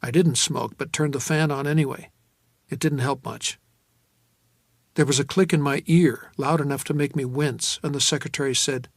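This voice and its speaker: A man narrating a first-person audiobook in a measured, wry, low-key manner. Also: no room sound, clean studio sound.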